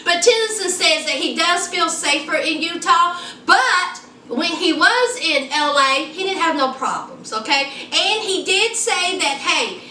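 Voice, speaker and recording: A sassy woman gossips through a reality show recap, teasing her viewers with "honey" and "child." Her voice sits high and bright. She sounds a little distant in a roomy, echoey space. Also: expressive, unhurried, few pauses, a little hiss or hum. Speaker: reality TV reviewer. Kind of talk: casual TV recap vlog. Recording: echoey room, mic set back.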